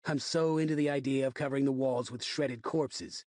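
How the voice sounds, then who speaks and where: A man's voice: mid-range voice, steady tone, normal speed, darkish tone, dry recording, studio quality, natural voice. A man voicing a crude, aggressive young male college friend who swears freely.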